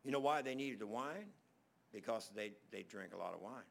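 A man preaching a sermon, telling stories in a rambling way that speeds up in bursts and drops soft at the ends of phrases. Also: fairly low pitch, expressive, moderate pace, vocal fry.

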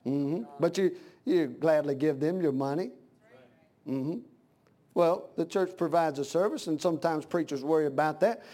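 A man preaching a sermon in a fervent, folksy way that swells from plain talk into loud, impassioned cries. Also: fairly high pitch, moderate pace.

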